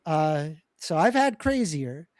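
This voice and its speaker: A woman's voice: low-pitched, very animated, slow pace, darkish tone, dry recording. A woman debater on a live stream, explaining her points with hesitant restarts and blunt dismissals.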